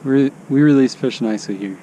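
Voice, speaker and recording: A man's voice: mid-range voice, a little fast, warm tone, slight background noise. Joking young man vlogging from a boat. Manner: joking, upbeat, teasing. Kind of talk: casual outdoor vlog chat. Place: outdoors on a boat on a lake.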